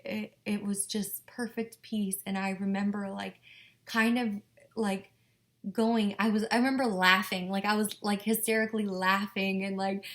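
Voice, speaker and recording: A young woman telling a personal story to her viewers, halting with many fillers and restarts and often dropping to a whisper. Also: medium pitch. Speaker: vlogger.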